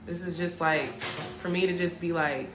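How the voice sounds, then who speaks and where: A young woman from Richmond, California, talking casually about her life and music, with lots of filler words and restarts. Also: fairly low pitch. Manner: halting, heavy on filler words. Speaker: musician sharing her story. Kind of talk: casual confessional talk. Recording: roomy echo with background noise.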